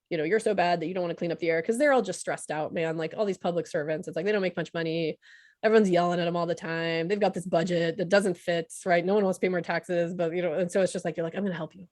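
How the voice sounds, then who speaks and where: A woman ICU doctor giving a casual, chatty talk full of fillers and quick laughs, over a video call. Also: lowish voice, darkish tone, no room sound, clean studio sound.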